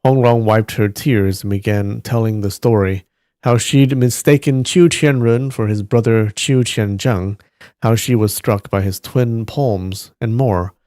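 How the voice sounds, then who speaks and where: A man on a live stream reading a novel aloud at a steady pace, stopping now and then to react to the story. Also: fairly low pitch, unhurried, dry recording, studio quality.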